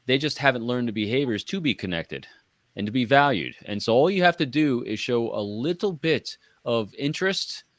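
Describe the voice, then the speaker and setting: A man's voice: medium pitch, expressive, normal speed, no echo, studio quality. A man with a New York accent, co-hosting a podcast and giving earnest, coaching-style advice. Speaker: podcast co-host. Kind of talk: casual panel chat.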